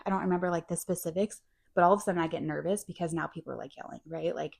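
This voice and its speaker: A woman's voice: lowish voice, steady tone, racing, vocal fry, darkish tone. A woman co-hosting a podcast, telling a long, rambling personal story in a casual, filler-heavy way. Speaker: podcast co-host.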